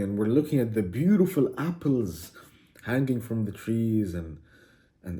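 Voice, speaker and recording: A man's voice: medium pitch, warm tone. A man hosting a self-improvement video, delivering a brash, crude and mocking motivational monologue.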